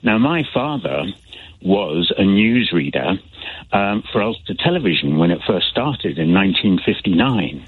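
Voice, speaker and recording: Low husky guy, slight belfast accent, phone-in caller, lots of ums, tinny phone line. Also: sing-song, unhurried, no room sound. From Northern Ireland. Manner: hesitant, many fillers and restarts. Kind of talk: phone-in chat. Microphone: telephone.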